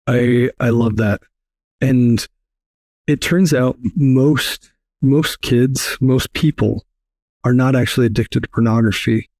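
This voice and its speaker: A man's voice: mid-range voice, a little mellow, no room sound. A man speaking as a podcast guest, earnest and emphatic, repeating key phrases. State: briefly emotional. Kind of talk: earnest interview talk.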